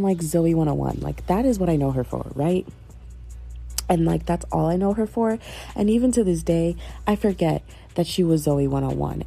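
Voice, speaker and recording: A young woman chats in a loose, emphatic monologue, full of filler and the odd swear. Her voice sits low and mellow. The sound is close and dry. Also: husky, dry recording. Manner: chatty and emphatic, lots of "like" and mild swearing. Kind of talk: casual monologue. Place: home room.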